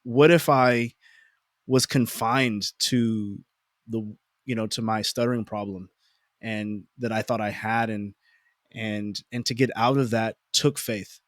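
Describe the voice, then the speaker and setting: A man's voice: fairly low pitch, fairly even intonation, slow pace, dry recording, studio quality. A man in his forties telling personal stories, often repeating words and restarting sentences, acting out his own inner thoughts. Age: 40s. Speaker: podcast guest. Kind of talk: reflective personal storytelling.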